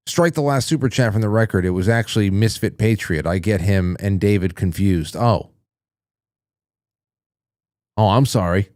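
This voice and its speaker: A man's voice: on the low side, moderate pace, darkish tone, no room sound, studio quality. A man hosting a call-in show, reading viewer messages aloud in a chatty, jokey way and reacting with surprise. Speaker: radio show host.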